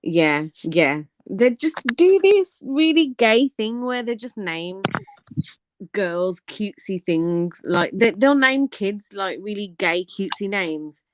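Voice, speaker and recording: A woman's voice: mid-range voice, takes it slowly, no echo. A young woman, hosting a casual live-stream chat, telling stories in slang with frequent laughter. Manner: laughs often, slangy and animated storytelling. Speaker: livestream host.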